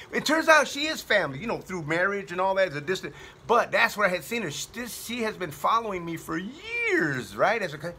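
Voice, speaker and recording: A comedian telling a casual story in an animated, slangy way, full of "man" and "dude". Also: high voice, a little hiss or hum.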